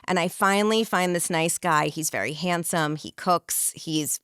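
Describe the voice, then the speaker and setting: Lively woman telling a story, dry sound. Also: lowish voice, a little slow, clean tone, no room sound. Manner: animated storyteller, acts out quotes. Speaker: podcast host. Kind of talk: casual storytelling chat.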